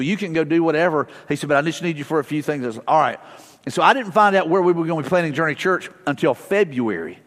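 A man's voice: a little high, fairly bright tone. A middle-aged man preaching a casual, storytelling sermon as pastor, with frequent fillers and restarts. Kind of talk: conversational sermon. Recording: long reverb of a large hall.

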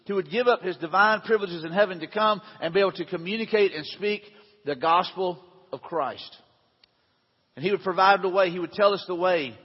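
A man's voice: sits high, breathy edge. A middle-aged man preaching a conversational sermon to a room, asking the audience questions. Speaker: pastor. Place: large hall with audience. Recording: dull lo-fi sound in echoey hall.

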